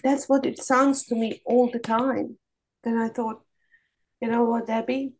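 A woman sharing her struggles candidly on a video call, blunt and animated, swearing freely. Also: on the high side, measured pace, a little hiss or hum, low-quality recording. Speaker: coaching group participant.

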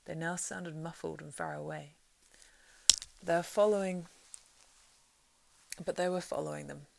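A woman reading a novel aloud, keeping a steady storytelling pace that swells louder in the action. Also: fairly low pitch, measured pace, creaky, very noisy. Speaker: reader.

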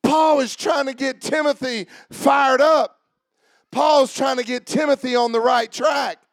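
A male pastor preaching a sermon in church. He starts low and conversational, then builds to shouted preaching and calls out to church members by name. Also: fairly even intonation, unhurried, creaky, no echo.

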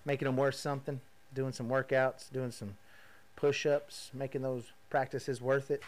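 Podcast host, male, 30s, casual and animated, plays the voices in his own stories. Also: mid-range voice, normal speed. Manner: animated, acts out quoted voices, laughs at himself. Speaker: podcast host, rodeo roper. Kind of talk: casual storytelling monologue.

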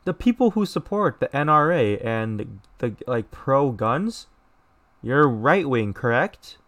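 A man's voice: medium pitch, very animated, slow pace, fairly bright tone. A young American man hosts a casual solo podcast, reading a news piece and then commenting on it. He talks bluntly and swears freely. He often stops mid-word to restart his sentences. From United States. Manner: blunt and profane, with many restarts and mocking voices. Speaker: podcast host.

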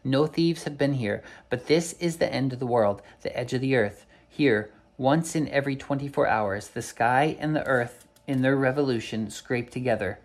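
A man's voice: medium pitch, moderate pace, few pauses, natural voice. A man reading the part of an anxious male travel companion in a storybook, earnest and old-fashioned in speech.

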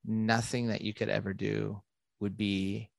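A man, a podcast guest telling a story in a casual, animated way, full of fillers and restarts. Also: on the low side, gravelly, no room sound, studio quality. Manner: animated, quick bursts with many fillers and restarts.

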